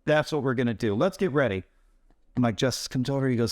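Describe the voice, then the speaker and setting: A stuntman, appearing as a guest in a casual storytelling interview, recounts his stunt anecdotes with lively energy, his pitch leaping up whenever he acts out what others said. His voice sits in a normal middle range and moves at a quick pace. The recording is close and dry, with no echo or sense of a room.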